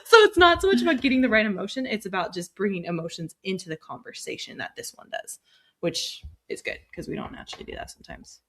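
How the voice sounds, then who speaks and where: A woman therapist and mother explaining communication skills in a relaxed, chatty podcast conversation. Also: mid-range voice, fast. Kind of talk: casual podcast chat.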